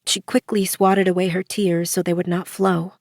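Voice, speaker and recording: A woman narrating an audiobook in a measured way, giving the characters soft voices. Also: on the low side, little pitch movement, no echo, clean studio sound.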